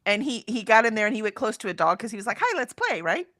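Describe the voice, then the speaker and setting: A middle-aged woman co-hosting a live stream, chatting casually and telling an animated story full of ums and "right?", acting out the other people's lines as she goes. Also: medium pitch, rapid-fire, dry recording, clean studio sound. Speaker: co-host of a writing sprint stream. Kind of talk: casual chat.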